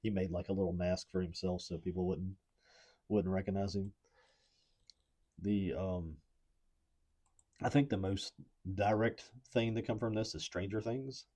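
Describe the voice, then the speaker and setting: A man's voice: low voice, unhurried, long pauses. A man from Appalachia co-hosting a podcast, chatting casually and rambling with plenty of fillers. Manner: relaxed, rambling with many fillers. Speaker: podcast co-host. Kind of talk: casual chat.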